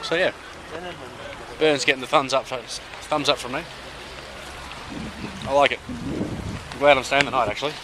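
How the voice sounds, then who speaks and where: A man's voice: mid-range voice, fairly even intonation, moderate pace, long pauses, background noise. A man from Sydney with an Australian accent, chatting upbeat to camera on a travel vlog, outdoors by a river. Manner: chatty and upbeat, with slangy asides. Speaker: travel vlogger. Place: outdoors by a river on a hot day.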